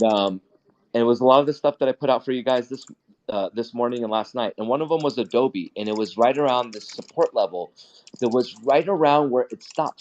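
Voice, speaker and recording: A man's voice: mid-range voice, a little mellow. A man hosting a casual live trading talk, blunt and profane, who often repeats and restarts his words. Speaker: stock trading host. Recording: dull lo-fi audio.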